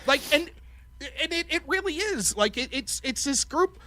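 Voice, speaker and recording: A man's voice: very high-pitched, expressive, moderate pace, sharp tone, no echo. A man hosting a podcast, telling a story in casual, profane chat and mocking the people he quotes in put-on voices. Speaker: podcast host.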